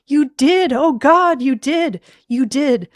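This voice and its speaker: A woman's voice: medium pitch, slow, gravelly, a little mellow, husky, full character voice. A woman reading a story aloud, voicing a terrified young husband who pleads and then screams in panic. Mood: screaming.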